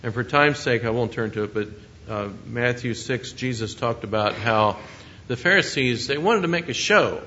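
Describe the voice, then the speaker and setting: A man's voice: mid-range voice, expressive, moderate pace, pushed and bright, muffled recording, a little hiss or hum. A man preaching a sermon in an earnest, conversational way, often asking his listeners questions.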